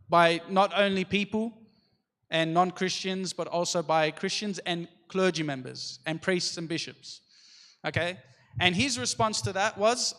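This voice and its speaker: A young man speaks to a church youth group in a slightly high voice, recounting a story and checking in with his listeners. His voice carries a long reverb from the hall around him. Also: fairly bright tone. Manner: storytelling, addresses the group with repeated "okay?".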